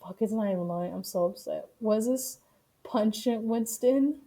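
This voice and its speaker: A woman streamer giving casual, profane commentary on the news, blunt and quick to laugh. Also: a little high, warm tone.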